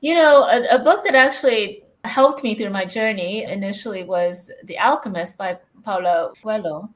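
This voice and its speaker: A woman's voice: mid-range voice, normal speed. A woman who works as a transition coach, answering interview questions in an earnest, reflective way.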